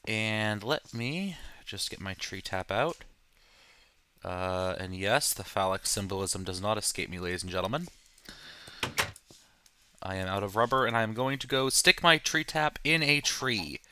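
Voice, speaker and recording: A man's voice: fairly low pitch, a little slow, sharp tone, a little hiss or hum. A man hosting a let's play, talking through his game with casual, joking, self-deprecating asides. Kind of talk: casual gameplay commentary.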